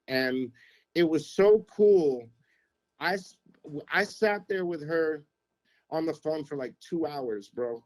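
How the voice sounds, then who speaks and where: A middle-aged man, a former radio programmer, telling anecdotes on a podcast in an animated, casual way. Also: fairly high pitch, takes it slowly, long pauses, poor audio. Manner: animated anecdote-telling, acts out quotes, keeps saying "you know what I mean". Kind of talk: casual storytelling.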